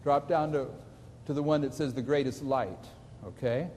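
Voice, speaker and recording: A man's voice: mid-range voice, normal speed, dark tone, slight background noise. A man preaching in a large, reverberant hall. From United States. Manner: emphatic, asks the audience questions. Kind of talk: sermon lecture. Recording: distant echoey hall recording.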